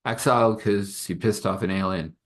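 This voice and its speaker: A man's voice: fairly low pitch, normal speed. A man voicing a terse, wistful woman in a told story, close to his own voice. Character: woman leader, weary and wistful.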